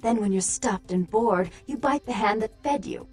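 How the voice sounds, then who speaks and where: A woman plays a volatile vampire seductress, sounding scornful. Her medium-pitched voice is a little mellow and moves at a moderate pace, close to an everyday voice, with soft music in the background.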